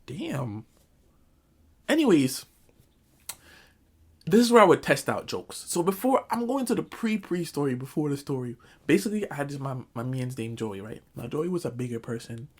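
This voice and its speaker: A man's voice: a little high, expressive, moderate pace, husky. A young man telling a comic school story in a storytime vlog, acting out quotes. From Jamaican family, Caribbean community. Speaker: vlogger.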